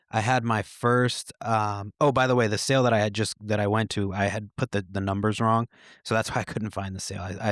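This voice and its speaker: This podcast host has a fairly low-pitched male voice, captured at studio quality with no echo. Laid-back and profane, he rambles through stories, dropping curses and fillers and chuckling often.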